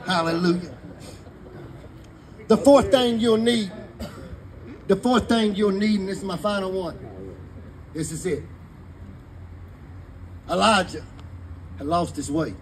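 A man's voice: sits high, normal speed, pauses often, low-quality recording. A man, preaching fervently in a sermon to a live congregation. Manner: fervent preaching in Southern vernacular. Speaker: pastor.

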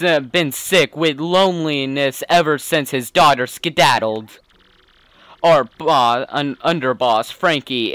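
Dude putting on a mob goon voice, streetwise slang, dry and close. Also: male voice, medium pitch, fairly bright tone, dry recording. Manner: tough-guy gangster slang. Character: gruff male mobster henchman of a tropical gang.

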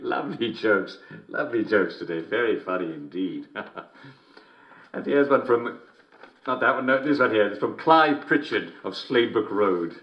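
A man's voice: fairly low pitch, expressive, normal speed, muffled recording. An actor playing a jovial, middle-aged English TV host who chuckles between lines with a smarmy showman delivery, in a scripted game broadcast. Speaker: TV and radio host.

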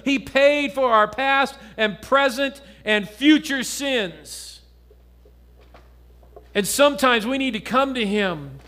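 Pastor, male, high voice, earnest sermon delivery that drops soft and low for stories. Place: church.

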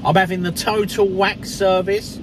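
Here his pitch is high, his tone level and his pace moderate. The man, a vlogger from England, jokes casually with his audience from inside a car rolling through an automated wash, calling them "people" and "mate", with car wash noise filling the background.

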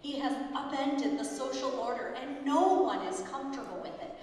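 A woman pastor with a high voice preaches a storytelling sermon and voices the people in her story with lively turns. She is heard from a distance in a large hall with a long, echoing reverb. A faint noise sits under her voice. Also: normal speed.

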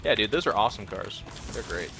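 A man co-hosting a casual gaming podcast who chats and tells jokes in a matter-of-fact, deadpan way. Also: lowish voice, quick pace, vocal fry, a loud crowd. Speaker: co-host.

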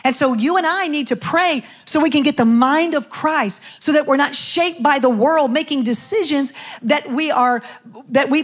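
A middle-aged woman pastor preaching a sermon, asking the congregation question after question and quoting scripture. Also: sits high.

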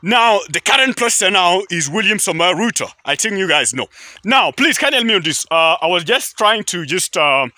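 A Kenyan man talks straight to camera, his voice high and very bright. He rambles, circles back and fills gaps with "uh" and "um". The sound is close and dry. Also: expressive, brisk, no room sound. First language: not English. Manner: chatty, rambling, frequent fillers and restarts. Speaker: YouTube vlogger. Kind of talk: casual chat to camera. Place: outdoors near a highway.

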